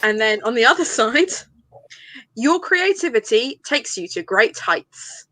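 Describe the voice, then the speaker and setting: Scottish woman, bright forceful tone, enthusiastic and teasing, casual chat. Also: fairly high pitch, sing-song, unhurried, slight background noise, low-quality recording. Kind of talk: casual chat on a video call.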